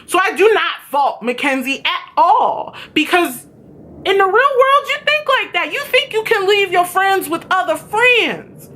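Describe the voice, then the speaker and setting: A woman recapping a TV episode in a casual vlog, excitable and swearing freely, her voice jumping higher when she gets worked up. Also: measured pace. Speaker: TV show reviewer.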